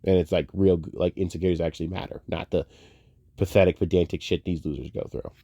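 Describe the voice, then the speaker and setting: A young man ranting casually about movies, profane and heated, wandering off on tangents and swinging between muttering and loud outbursts. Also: deep voice, steady tone, fast, dry recording, highs cut off. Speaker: online commentator.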